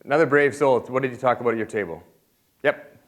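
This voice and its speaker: A man giving a lively conference talk, joking and calling on the audience. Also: medium pitch, quick pace, background noise. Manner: energetic, jokey, interacts with crowd. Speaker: conference speaker.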